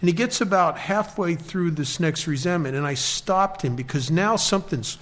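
A man with a slightly high voice tells a personal recovery story. He speaks in an earnest, halting way, often restarting his sentences. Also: a bit bright.

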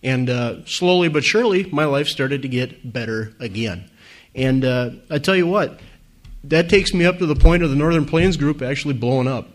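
A man's voice: mid-range voice, moderate pace. A man, giving an earnest, conversational personal testimony to a meeting audience, with many fillers. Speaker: speaker at a recovery meeting.

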